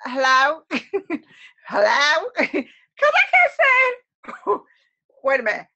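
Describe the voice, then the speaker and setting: A woman's voice: sits high, wildly swooping pitch, takes it slowly, pushed and bright, dull audio. A woman co-hosting a webcast, chatting casually to viewers and acting out quotes with lots of laughter. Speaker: webcast co-host.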